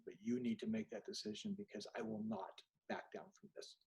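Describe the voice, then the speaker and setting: A man's voice: medium pitch, big pitch swings, fast talker, vocal fry, few pauses, a little mellow, poor audio. A middle-aged man, an author being interviewed, telling candid anecdotes and acting out bits of dialogue. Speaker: author guest. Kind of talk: storytelling in an interview.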